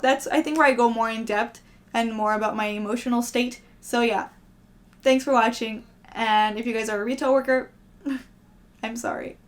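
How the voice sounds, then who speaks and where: A young woman vlogger in casual, rambling, self-deprecating chat to camera, often laughing. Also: on the high side.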